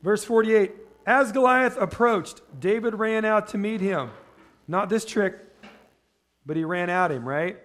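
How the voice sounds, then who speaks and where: A man preaching a sermon in a conversational way. He asks the congregation questions and slows down when reading scripture. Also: high voice, a bit bright. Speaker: pastor.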